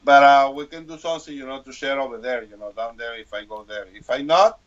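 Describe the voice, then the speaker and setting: Guy on a video call, hesitant, kinda dull lo-fi sound. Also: mid-range voice. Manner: halting, hesitant, many fillers. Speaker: guest. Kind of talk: casual chat over video call.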